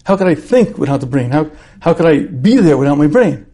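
A man's voice: a little high, very animated, fairly quick, warm tone. A man teaching a religious class in a conversational way, posing rhetorical questions and acting out everyday scenes. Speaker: Torah teacher. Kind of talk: lecture on repentance.

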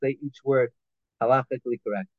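Man as a Torah teacher, middle pitch, phone-like sound, dry. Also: fairly even intonation, brisk, no echo. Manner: reads Hebrew phrases then explains them in English, with restarts and fillers. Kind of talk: halacha class, translating Hebrew text line by line. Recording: tinny phone-like line, dry.

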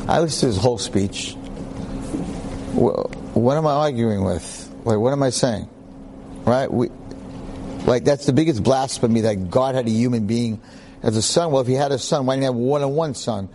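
A man giving a storytelling lecture in an animated, joking, conversational way. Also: medium pitch, normal speed, slight background noise. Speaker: Jewish lecturer.

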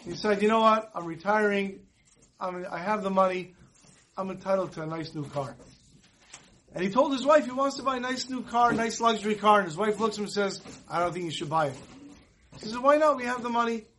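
A man giving a Torah class, telling a story and acting out the dialogue in lively voices. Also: high-pitched, fairly quick, slight background noise, low-quality recording. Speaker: rabbi.

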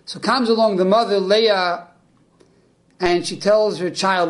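A man with a high-pitched voice delivers a religious lesson. He tells stories with energy and slips into the voices of the people in them. His teaching is earnest and explanatory. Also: measured pace. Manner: animated storyteller who acts out the people in his stories. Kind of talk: spoken Torah lesson.

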